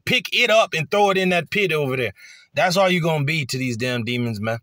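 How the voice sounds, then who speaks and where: Casting: forceful, heated male street preacher, profane, close dry mic. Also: on the high side, lively intonation, brisk, dry recording. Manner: heated, profane, acts out quoted voices.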